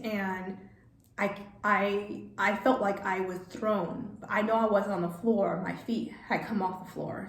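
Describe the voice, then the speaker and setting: A woman telling a personal story for her vlog, halting and hesitant, often restarting her sentences. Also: medium pitch. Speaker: vlogger. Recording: echoey room, faint background noise.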